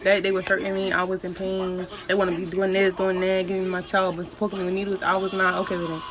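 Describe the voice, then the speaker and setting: A young woman telling a casual storytime in a blunt, profane, animated way. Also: mid-range voice, quick pace, a crowd in the background. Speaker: vlogger.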